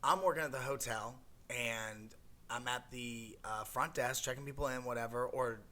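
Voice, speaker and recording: A young adult man recounts his own story with a bright, forward voice. He rambles, restarts and fills gaps with "you know" and "um" as he speaks. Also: medium pitch, normal speed. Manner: rambling, many fillers and restarts. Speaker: guest sharing a recovery story. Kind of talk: emotional personal testimony.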